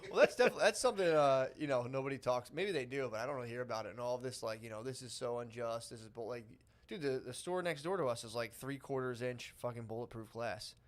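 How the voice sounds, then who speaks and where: A man co-hosting a podcast, telling rambling crude stories in casual chat. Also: mid-range voice. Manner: rapid, rambling, crude storytelling. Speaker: podcast co-host.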